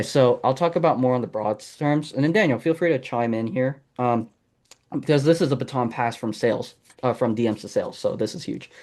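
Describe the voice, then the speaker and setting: Casual sales coach on a video call. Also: male voice, medium pitch, darkish tone. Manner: casual and encouraging, with frequent ums. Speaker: masterclass host and sales coach. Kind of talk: live online teaching session.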